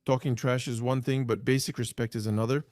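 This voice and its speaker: Smooth-voiced man, easygoing and explanatory. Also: medium pitch, steady tone, a little fast, a little mellow, no echo, studio quality. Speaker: podcast co-host. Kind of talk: casual chat.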